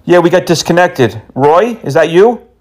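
A man's voice: fairly high pitch, expressive, normal speed, a little mellow. A man prank-calling phone scammers, teasing and mocking them and dropping in Hindi words and insults. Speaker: scam-baiting prank caller.

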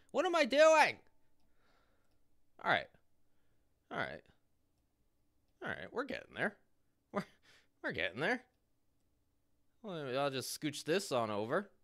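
A male streamer with a lively voice that leaps up and down in pitch as he greets his chat. He sounds close and dry on a desk mic, with no room around him. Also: no room sound. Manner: animated, greeting chat by name.

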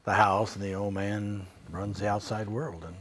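A man's voice: on the low side, fairly even intonation, normal speed, a bit bright, slight background noise. A man, a film director, reminiscing in an interview in a rambling, chuckling, self-mocking way.

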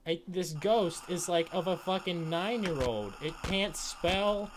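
Young man, horror game commentary, jumpy, swears constantly, higher-pitched voice, noticeable background noise. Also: measured pace. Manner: swears a lot, jumpy, shouts when startled. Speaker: gaming channel host.

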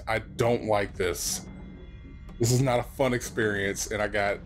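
A man's voice: fairly low pitch, fairly even intonation, unhurried, faint music behind. A man playing a horror game and commenting, jumpy and nervous, swearing and reading the on-screen text aloud. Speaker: let's play host.

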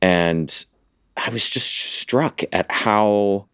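A man's voice: lowish voice, very slow, a bit bright, clear, resonant tone, no room sound, clean studio sound. A man co-hosting a podcast in casual chat, playful and riffing on jokes. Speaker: podcast co-host.

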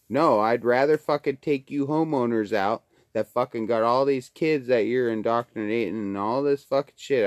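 A middle-aged man who grew up in Alaska, vlogging from his kitchen by the wood stove, swearing constantly in a loud, angry rant. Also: medium pitch, no room sound, clean studio sound. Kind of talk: casual ranting monologue.

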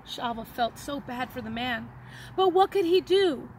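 A woman teacher reading a children's story aloud in an expressive, dramatic way. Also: high voice, measured pace, slight background noise, poor audio.

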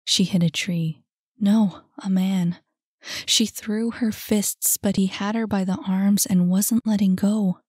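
A woman author narrating her own story in a soft, hushed reading voice. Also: mid-range voice, fairly even intonation, slow pace, breathy edge, no room sound, clean studio sound.

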